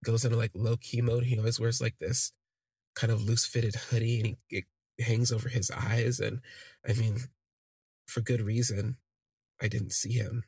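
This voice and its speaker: A man's voice: medium pitch, little pitch movement, moderate pace, creaky, a little mellow, breathy edge, dry recording. A man casually telling a personal story on his podcast, candid and rambling, with lots of fillers. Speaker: podcast host.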